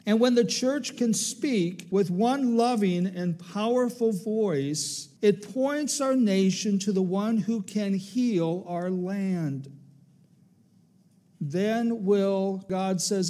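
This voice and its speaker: A man preaching a sermon as pastor, measured and emphatic, quoting scripture in slow, stressed phrases. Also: high voice, warm tone.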